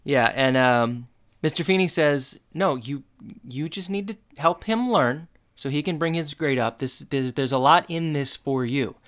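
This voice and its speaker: A man's voice: a little high, unhurried, fairly bright tone. A man co-hosting a casual chat, retelling a TV episode and acting out characters' lines in a playful way. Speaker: podcast co-host.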